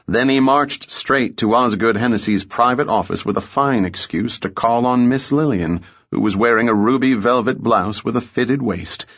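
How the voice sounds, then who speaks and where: A man narrating an audiobook in a measured, steady storytelling manner. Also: on the low side, dull audio. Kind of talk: scripted narration.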